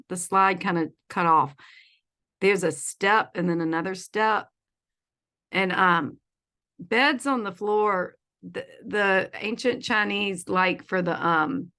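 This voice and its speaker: Woman, online class teacher, crisp bright tone, loose and laughing. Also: fairly low pitch. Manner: chatty and playful, laughs often, says y'all. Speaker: feng shui consultant teaching an online class. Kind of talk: casual online presentation. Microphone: video call.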